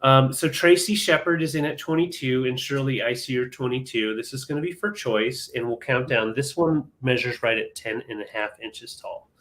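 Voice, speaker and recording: A man's voice: medium pitch, normal speed, hardly any pauses, a bit bright. A man co-hosting a live vintage sale, chatting casually as he calls out bids and counts down. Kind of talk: live auction selling chat.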